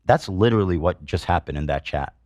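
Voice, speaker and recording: Deep-voiced, heated man ranting. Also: lively intonation, fairly quick, a little mellow, no room sound. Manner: heated, profane and indignant, with frequent fillers. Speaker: podcast host. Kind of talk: commentary reading out online posts.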